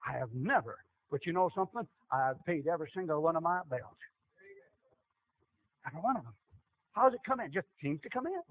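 A man's voice: fairly high pitch, lively intonation, a little fast, long pauses. A middle-aged man preaching a sermon, with an emphatic, repetitive cadence. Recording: tinny phone-like lo-fi audio.

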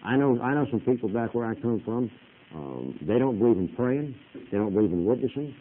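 A man's voice: medium pitch, animated, a little fast. A man preaching a folksy, plain-spoken sermon that climbs into emphatic peaks. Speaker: pastor. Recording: tinny hissy lo-fi recording.

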